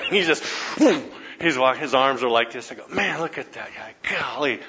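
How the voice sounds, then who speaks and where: Man, campus minister, bright tone, chatty storyteller, slight hiss under a muffled recording. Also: medium pitch, brisk. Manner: storytelling, frequent tag questions. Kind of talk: conversational teaching talk. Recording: dull lo-fi recording, faint noise.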